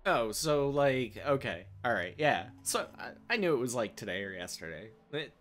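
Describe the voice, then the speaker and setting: A man's voice: mid-range voice, sing-song, normal speed, a bit bright. A man hosting a game stream, chatting casually and rambling with laughs between thoughts. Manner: rambling, laughing, reads chat aloud. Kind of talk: casual chat before a tabletop game stream. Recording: dull lo-fi stream audio.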